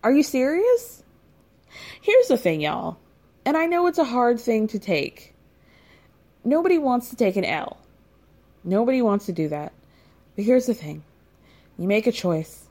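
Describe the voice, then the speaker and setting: A woman recapping a reality show in casual commentary, blunt and sarcastic, swearing freely and rising to incredulous highs. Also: big pitch swings, measured pace, long pauses, mellow.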